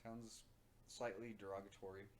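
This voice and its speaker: A man's voice: on the low side, flat delivery, normal speed. A man co-hosting a podcast, dropping dry, laid-back remarks in casual chat. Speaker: podcast co-host. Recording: faint background noise.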